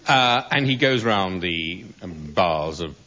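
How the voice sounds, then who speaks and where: A man's voice: sits low, animated, takes it slowly, sharp tone. A man on a comedy panel, rambling through a comic story with many ums and uhs. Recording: muffled broadcast recording.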